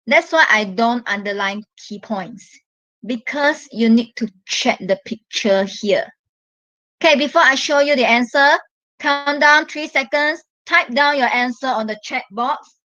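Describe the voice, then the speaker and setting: A woman from Malaysia teaches an online English class at an unhurried pace, walking students through each answer with patient care. Her voice sits a little high, and the recording is close and dry. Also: sharp tone, dry recording, low-quality recording. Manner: slow, patient, explains step by step.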